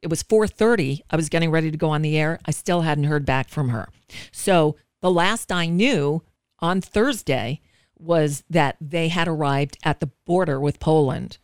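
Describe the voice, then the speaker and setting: A woman's voice: low-pitched, moderate pace, clear, resonant tone, dry recording, clean studio sound. A woman radio show host earnestly recounting a personal story in an emotional telling.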